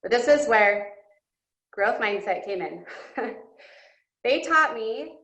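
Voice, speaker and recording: A woman's voice: on the high side, animated, takes it slowly, long pauses, fairly bright tone. A woman guest speaker giving an earnest, emotional personal testimony. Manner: earnest and emotional, with breaks into laughter. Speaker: guest speaker at a coaching session. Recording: roomy, dull lo-fi sound.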